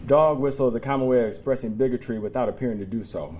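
A man's voice: mid-range voice, very fast, warm tone, a little hiss or hum. A man in his forties giving a personal talk to a live audience. He is emotional, tears up, and laughs between lines. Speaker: public speaker. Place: room with an audience.

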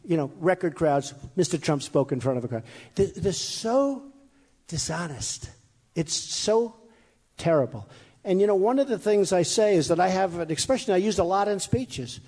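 At a campaign event in a large hall with a crowd, a male candidate gives a rambling, boastful speech, often repeating himself. His voice sits high and is animated, slightly mellow, with a breathy edge, at normal speed. Long hall reverb colors the recording.

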